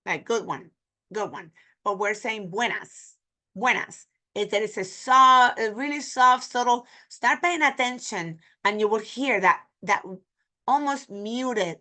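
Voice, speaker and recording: Bright-voiced teacher, woman. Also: medium pitch. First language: Spanish. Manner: repeats phrases slowly for learners. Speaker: Spanish teacher. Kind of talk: pronunciation lesson.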